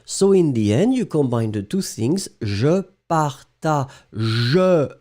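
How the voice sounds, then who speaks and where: A man's voice: fairly high pitch, big pitch swings, moderate pace, dark tone. A middle-aged man from France with a French accent, teaching a live online French lesson and greeting students by name.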